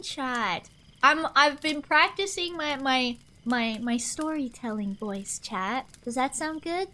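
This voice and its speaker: Bright high-voiced woman streamer. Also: takes it slowly. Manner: chatty, rambling, answers chat aloud. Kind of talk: casual chat with a live stream audience.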